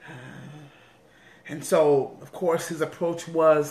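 A woman's voice: deep voice, steady tone, slow, darkish tone. A woman bishop giving an earnest personal testimony, repeating phrases for emphasis. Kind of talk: personal testimony in a weekly online message. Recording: roomy echo.

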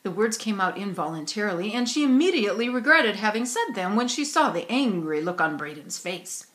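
A woman's voice: mid-range voice, brisk, hardly any pauses. Woman reading a children's story aloud. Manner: expressive storytelling. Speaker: narrator. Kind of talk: audiobook reading. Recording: roomy echo.

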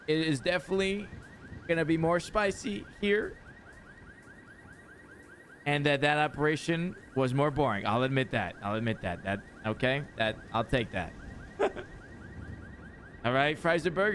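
Male streamer, defensive and playful; lively, fairly high voice, faint hiss behind. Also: a little slow, pauses often. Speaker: streamer roleplaying a character. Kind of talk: in-character roleplay banter. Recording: game voice chat with faint noise.

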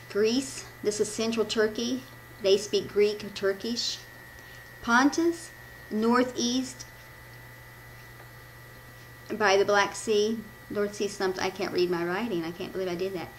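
A woman's voice: medium pitch, slight background noise, rough recording. Rambling self-correcting woman giving a devotion. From Midwestern United States. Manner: rambling, self-correcting, laughs at her own slips. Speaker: devotional speaker. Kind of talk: informal church devotion, reading notes.

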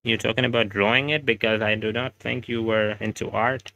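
A man's voice: fairly low pitch, fairly even intonation, fairly quick, vocal fry, sharp tone, muffled recording. A man with an Indian English accent, chatting casually on a gaming livestream, reading chat aloud and laughing often. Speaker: gaming streamer. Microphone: home streaming setup microphone.

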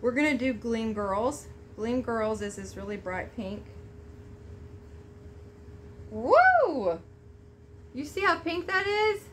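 A woman vlogger chatting to camera at home while unboxing a gift, gushing and excitable. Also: fairly high pitch, normal speed, slight background noise. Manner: gushing, excitable, Southern-style "y'all". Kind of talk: casual chat to camera.

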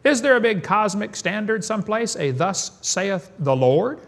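A man's voice: high-pitched, big pitch swings, a little slow, a bit bright. A man giving a preaching lecture to an audience in a folksy, emphatic way, firing off rhetorical questions and chuckling. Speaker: creationist seminar speaker.

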